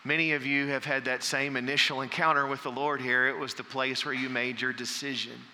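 Male pastor, sermon delivery, strongly bright tone, long hall reverb around him. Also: fairly high pitch. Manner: preaching with rising emphasis and scripture reading.

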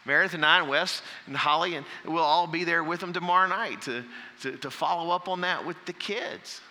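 A man's voice: fairly high pitch, fairly quick, bright, forceful tone, in a large hall. A man preaching a sermon as pastor, reading scripture aloud with rising emphasis.

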